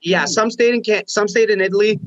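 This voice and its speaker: Guy from canada on a podcast, pretty high voice, swears a lot, does everyone's lines in his stories. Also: fairly quick, a bit bright, highs cut off. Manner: profane storyteller who acts out quoted people. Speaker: podcast guest. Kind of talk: casual chat.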